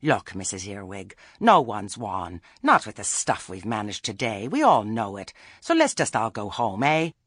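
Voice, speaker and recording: A woman's voice: rumbling low, big pitch swings, moderate pace, few pauses, fairly bright tone, slightly rough, no echo, heavily acted. A man voicing a shrewd, earthy old village witch woman in an audiobook. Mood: wry. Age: older. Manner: blunt, homely, dry-humored.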